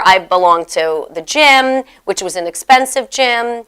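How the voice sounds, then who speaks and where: A middle-aged woman hosting a show, telling her story in a chatty, animated way. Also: on the high side, a little slow, smooth. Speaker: host. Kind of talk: casual chat.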